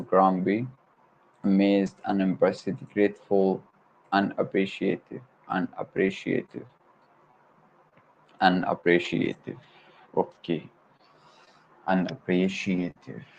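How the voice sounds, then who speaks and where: Slow, low-voiced man drilling words. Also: flat delivery. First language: Arabic. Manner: repeats vocabulary words slowly, one at a time. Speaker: language learner on a livestream. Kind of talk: slow self-study word drill. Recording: dull lo-fi home stream with faint noise.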